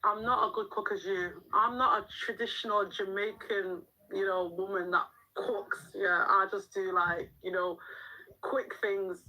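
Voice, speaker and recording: Woman, middle-aged, live-stream chat, frank and chatty, bright voice. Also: mid-range voice, steady tone, unhurried, rough recording. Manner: chatty, frank, laughs often, talks back to the chat. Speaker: livestream host and mum. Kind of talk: casual live-stream chat reading viewer comments.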